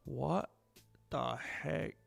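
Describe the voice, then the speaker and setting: A man's voice: medium pitch, extremely slow, vocal fry, faint music behind. A man hosting a livestream in casual chat, rambling and self-deprecating with loose slang, feeling sluggish today. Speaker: livestream host. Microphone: wearing headphones, no monitor.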